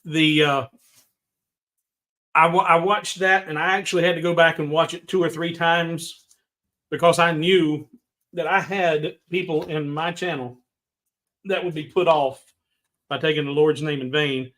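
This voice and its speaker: Middle-aged man, livestream host, slightly high voice, loose and rambling. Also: fairly even intonation, measured pace, pauses often, a bit bright. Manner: rambling, talks to chat viewers by name. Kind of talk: casual livestream chat.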